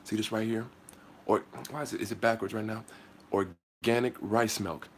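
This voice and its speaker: Holding a phone outdoors, a man hosts a casual live Q&A, answering viewer comments in laid-back slang. His voice is on the low side with fairly even intonation and a moderate pace, with slight background noise.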